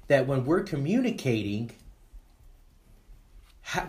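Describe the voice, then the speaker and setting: A man hosting a group talk for dads, animated and acting out examples with shifting tone. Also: fairly high pitch. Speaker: discussion host for fathers. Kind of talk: group discussion.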